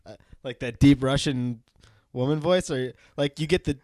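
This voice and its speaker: A young man trades crude, playful podcast banter, swearing freely and laughing often. His voice is mid-pitched and recorded close and dry. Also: moderate pace, a little mellow, no echo. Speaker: podcast co-host.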